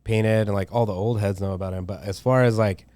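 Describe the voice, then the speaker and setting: Low-voiced laid-back man, swearing slangy chat. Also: steady tone, a little fast, a little mellow, dry recording, studio quality. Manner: loose, rambling, heavy slang and swearing, many fillers. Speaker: tattoo artist guest. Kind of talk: casual podcast chat.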